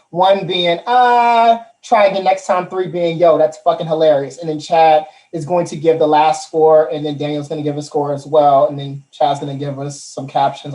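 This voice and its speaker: A man hosting a live-streamed comedy chat show, loud, profane and excitable. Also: on the high side. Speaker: host. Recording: roomy echo.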